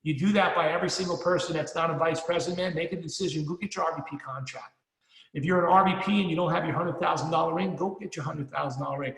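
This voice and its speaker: A man's voice: a little high, steady tone, quick pace, creaky, fairly bright tone. A middle-aged man giving a punchy, rallying motivational speech at a sales meeting, swearing casually and repeating himself for emphasis. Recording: echoey hall, long reverb.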